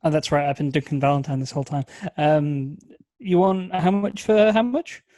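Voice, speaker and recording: A man's voice: a little high, moderate pace, mellow, no echo. A man co-hosting a podcast, chatting wryly about a film with jokey asides. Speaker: podcast co-host. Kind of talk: casual comedic film review.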